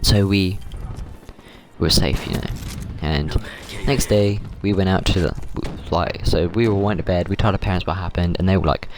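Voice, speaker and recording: Deep-voiced rambling man telling a story. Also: steady tone, normal speed. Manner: rambling, repeats words, says dude a lot. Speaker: gaming channel host. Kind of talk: casual storytelling while gaming.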